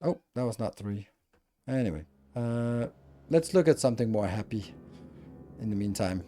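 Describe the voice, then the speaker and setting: Mellow-voiced man streaming a game. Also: lowish voice, lively intonation, normal speed, soft background music. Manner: thinking aloud, muttering while he plays. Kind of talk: casual live-stream commentary.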